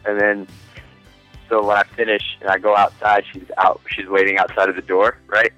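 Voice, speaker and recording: Guy rambling through a crude story on a podcast, bright punchy voice, kinda low, laughs a lot. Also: level tone, normal speed, no echo, soft background music, rough recording. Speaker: podcast guest. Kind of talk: casual storytelling.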